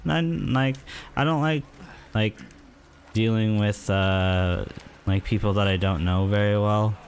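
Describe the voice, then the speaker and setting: Guy streamer rambling slowly over a game, um-ing a lot, yells at it sometimes, bit of background hiss. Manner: rambling, hesitant, lots of fillers; yelps at the game in a higher voice. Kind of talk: casual gameplay commentary.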